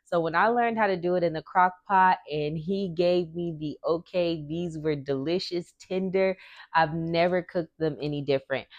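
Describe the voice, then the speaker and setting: A woman's voice: lowish voice, moderate pace, no echo, lo-fi sound. Chatty woman hosting a home cooking show. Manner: chatty, encouraging, talks straight to viewers.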